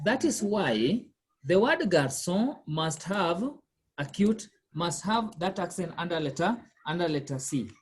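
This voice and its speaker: Fairly low in pitch and slightly rough, this woman speaks unhurriedly with lively intonation. She is a language tutor giving a one-on-one lesson, explaining things while patiently repeating questions and testing her learner.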